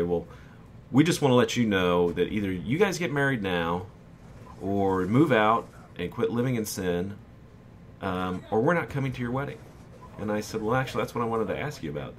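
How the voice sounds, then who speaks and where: A man in his twenties casually telling a personal story over gameplay, candid and animated, often quoting what people said. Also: lowish voice, moderate pace. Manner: candid, animated retelling with quoted dialogue. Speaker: gaming YouTuber.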